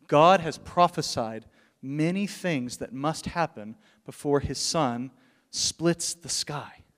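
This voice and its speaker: A man preaching a sermon as pastor, with passionate bursts of loud emphasis and dips into hushed, quiet lines. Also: fairly high pitch. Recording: long hall reverb.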